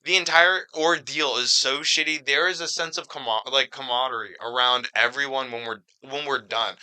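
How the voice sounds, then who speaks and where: A young man co-hosting a podcast, telling stories in a casual, animated way with plenty of swearing. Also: mid-range voice, moderate pace, clean tone, poor audio. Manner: animated, profane storytelling. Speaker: podcast co-host. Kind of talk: casual chat.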